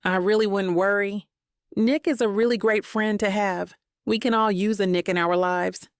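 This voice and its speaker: A woman's voice: mid-range voice, fairly even intonation, moderate pace, smooth, no room sound, clean studio sound, close to an everyday voice. A woman voicing an anxious young event planner who pleads and apologizes. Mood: reassuring.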